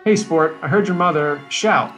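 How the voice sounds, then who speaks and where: A man's voice: fairly high pitch, normal speed, a bit bright, faint music behind, natural voice. A man reading the lines of a hearty middle-aged father with a folksy, exclaiming way of talking. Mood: surprised.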